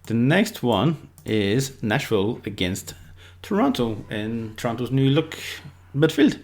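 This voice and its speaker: A man's voice: mid-range voice, sing-song, a little slow, a little mellow. A man giving casual, unscripted football predictions, rambling loosely and leaning on lots of filler words. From Ireland.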